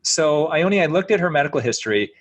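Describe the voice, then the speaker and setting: A middle-aged man, a plastic surgeon interviewed as a guest, telling a story in an earnest, animated way. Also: on the high side, a little fast, dry recording.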